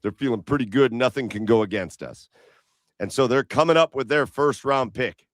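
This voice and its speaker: A man's voice: medium pitch, moderate pace, no echo. A man co-hosting a casual sports podcast over beers, telling stories bluntly with some swearing. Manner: blunt, profane storytelling. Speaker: podcast co-host.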